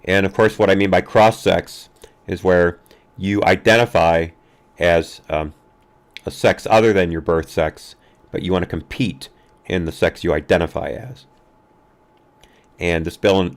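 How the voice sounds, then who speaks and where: A man hosting a live-streamed news commentary show, talking casually with frequent fillers and restarts. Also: low-pitched. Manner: halting, many fillers and restarts.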